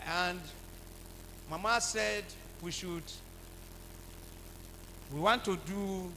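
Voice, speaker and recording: A Nigerian man preaching a sermon, calling out for the congregation to answer and swinging from low talk to shouts. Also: extremely slow. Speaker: pastor. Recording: reverberant hall with faint hum.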